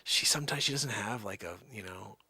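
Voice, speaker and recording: A man's voice: lowish voice, brisk, sharp tone, slightly rough, no echo. A man hosting a live stream, talking in a rambling, sarcastic, jokey way. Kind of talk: casual live-stream banter.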